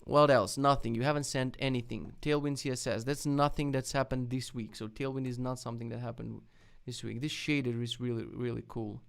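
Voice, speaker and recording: A young man runs a live web development stream, reacting to links with excited outbursts and plenty of swearing. His voice is smooth and resonant with a gravelly rasp at the ends of phrases. He sounds loose and unscripted. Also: medium pitch, fairly quick, hardly any pauses. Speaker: streamer host.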